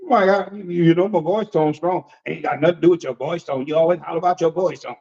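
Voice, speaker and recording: A man preaching conversationally as an apostle, folksy and animated, often repeating phrases and acting out the voices he quotes. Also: on the high side, fast, highs cut off. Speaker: apostle and preacher leading a discussion.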